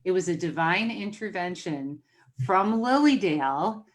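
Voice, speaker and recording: Animated woman telling a family story. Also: fairly low pitch, unhurried. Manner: animated, acts out quoted voices, laughs often. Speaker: podcast host. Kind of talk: casual storytelling chat.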